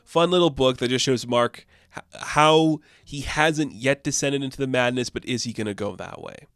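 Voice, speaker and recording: A man's voice: medium pitch, normal speed, a bit bright, smooth, dry recording, studio quality. A man chatting casually and enthusiastically as a comic book reviewer, rambling with many fillers.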